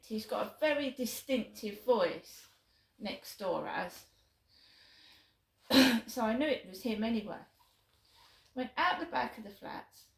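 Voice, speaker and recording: A chatty woman tells her story in a flustered, rambling way, often restarting her sentences. Her voice sits a little high. She records on a handheld phone while walking outdoors at night, and the sound is echoey. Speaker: vlogger. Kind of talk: casual vlog monologue.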